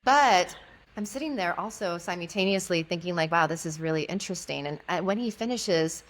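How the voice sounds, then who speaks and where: Woman with a lowish voice, telling stories animatedly. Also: a little fast. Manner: animated, acts out quoted dialogue. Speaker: guest, intimacy and kink educator. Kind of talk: storytelling in conversation.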